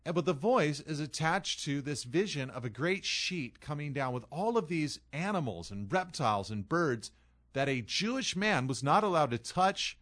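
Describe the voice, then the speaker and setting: A pastor with a fairly bright, rather high voice preaches an expository sermon. He reads scripture aloud, then explains it earnestly, leaning hard on key phrases.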